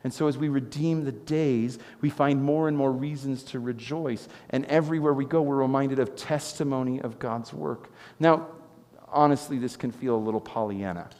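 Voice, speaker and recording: A man preaching a sermon as pastor, telling stories with animated swings from loud exclamations to quiet intensity. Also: medium pitch, normal speed, in a large hall. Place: church sanctuary.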